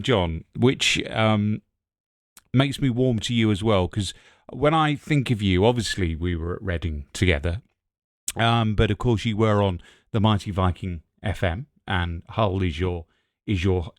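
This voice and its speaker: A middle-aged man talks casually in a podcast interview, his voice sitting fairly low. He rambles through anecdotes and laughs easily. The sound is dry and close. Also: lively intonation, normal speed, no echo. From England (Ipswich, Suffolk). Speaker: radio presenter guest.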